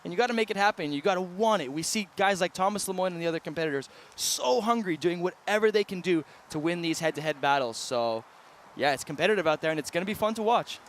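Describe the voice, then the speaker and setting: Emphatic high-voiced male co-commentator. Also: animated, fast talker, a little hiss or hum. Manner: emphatic, repeats for stress. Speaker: expert co-commentator. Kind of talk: live sports commentary. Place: outdoors at a bike event.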